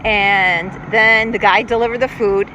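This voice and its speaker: A woman's voice: medium pitch, fairly even intonation, measured pace. A middle-aged woman hosting a podcast, talking in a rambling, chatty and self-reflective way while out on a lake. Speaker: podcast host. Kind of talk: casual monologue. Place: outdoors on a lake, on a paddleboard. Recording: outdoor lake recording with boat noise. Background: boats passing on the water.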